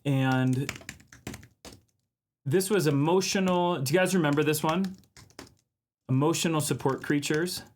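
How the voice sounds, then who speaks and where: A man's voice: fairly high pitch, unhurried, pauses often, slight background noise. A man from Minnesota hosting a casual art live stream, chatting and laughing with viewers while he draws. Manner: chatty, laughs often, reads chat aloud.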